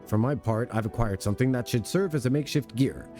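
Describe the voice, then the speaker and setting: A man's voice: medium pitch, fast, warm tone, faint music behind, close to an everyday voice. Plain-spoken adventurer companion, read aloud by a man. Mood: matter-of-fact. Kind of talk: reading game dialogue aloud.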